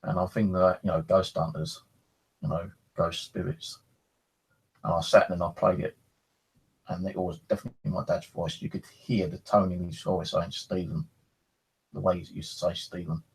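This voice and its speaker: A man's voice: low-pitched, normal speed, vocal fry, breathy edge, poor audio. A man casually telling a rambling first-person story about a ghostly experience, swearing now and then. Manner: rambling, animated, swears freely. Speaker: paranormal storyteller.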